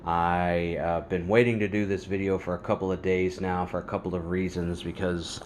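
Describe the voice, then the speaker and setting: A man's voice: low-pitched, little pitch movement, moderate pace, a little hiss or hum. Angry ranting male vlog host. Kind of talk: religious commentary vlog.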